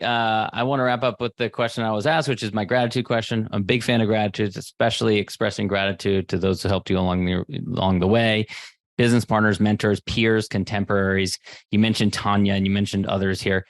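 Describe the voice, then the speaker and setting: An upbeat man hosts an interview podcast, affirming his guest and steering toward the wrap-up. His voice sits a little low. The sound is dry and close, with no reverb. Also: steady tone, a little fast. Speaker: podcast host. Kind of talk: interview hosting.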